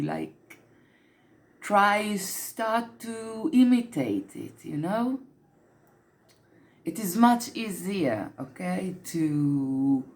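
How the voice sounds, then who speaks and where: A woman's voice: fairly low pitch, a little mellow, full character voice. An actress playing a shy woman on camera for the first time, talking hesitantly with many restarts in an improvised monologue. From Israel. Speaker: fictional interviewee speaking to camera. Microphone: camera mic.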